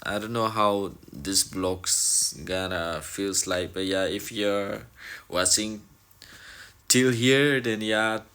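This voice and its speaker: A young man talks slowly into a close camera from his room, his voice sitting a little low. He is earnest and reflective, circling back over the same phrases as he looks for the right words. The tone is casual, like a vlogger talking straight to his viewers. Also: pushed and bright, smooth. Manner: earnest, repeats phrases, loose and searching wording. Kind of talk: casual reflective vlog talk.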